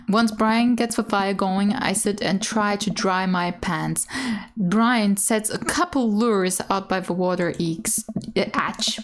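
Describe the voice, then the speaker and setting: A young woman streaming a game, reading its text aloud in a casual way, dropping into whispered asides and high squealing laughs. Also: expressive, slow pace, pauses often.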